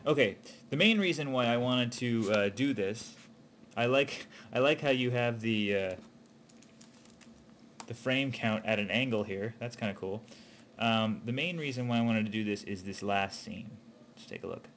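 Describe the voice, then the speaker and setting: This is a man casually critiquing an animation student's work in an encouraging way, stumbling through frequent ums and restarts. He has a medium pitch and a fairly bright tone, talks at a moderate pace, and there's slight background noise.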